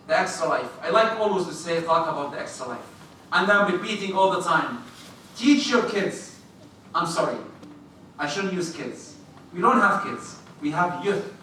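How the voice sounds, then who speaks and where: Guy giving a sermon, sharp bright voice, super echoey hall, mic far away, keeps asking the crowd stuff. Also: high-pitched, normal speed, pauses often, slight background noise. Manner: animated, acts out little scenes, questions the listeners. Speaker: preacher at a mosque. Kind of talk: sermon to a congregation. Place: mosque prayer hall.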